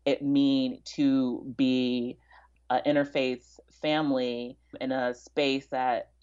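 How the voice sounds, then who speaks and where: A woman's voice: rumbling low, little pitch movement, slow, a little mellow, smooth, muffled recording. A woman chatting as a podcast guest, talkative, with frequent fillers and restarts. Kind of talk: casual interview chat.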